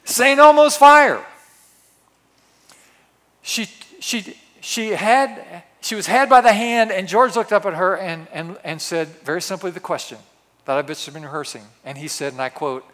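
A man's voice: a little high, brisk. Dramatic preacher man in a reverberant hall. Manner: dramatic, swinging from hushed asides to loud exclamations. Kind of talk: storytelling sermon. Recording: long reverb of a large hall.

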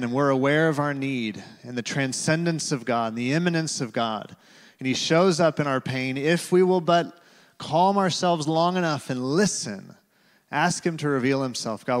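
A man's voice: on the high side, moderate pace. Man preaching in a reverberant hall. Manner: conversational, with many fillers, dropping to a hush for quotes. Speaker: pastor. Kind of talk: sermon with personal storytelling. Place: large church auditorium.

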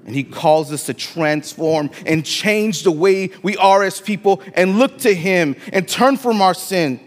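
A man's voice: sits high, expressive, a little slow, in a large hall. A man with a Latino accent preaching a sermon as pastor, emphatic and repeating phrases for weight in a church sanctuary.

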